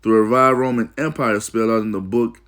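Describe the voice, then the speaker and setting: A man's voice: fairly low pitch, fairly even intonation, fairly quick, fairly bright tone. A man preaching about prophecy, reading aloud from an article and breaking into emphatic asides, often repeating "you see" and "man.". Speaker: religious teacher.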